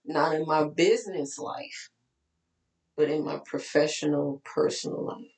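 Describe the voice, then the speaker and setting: Tired texas lady coach chatting to her followers on her phone, gravelly voice, echoey room. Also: low-pitched, unhurried, darkish tone. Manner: candid, chatty, preachy asides. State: tired, voice cracking. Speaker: life coach. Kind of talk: casual talk to followers.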